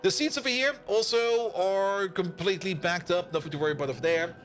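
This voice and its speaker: A man streaming a video game and chatting casually with his viewers, animated, laughing often and swearing freely. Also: high-pitched, fairly quick. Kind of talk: casual live-stream chat while playing.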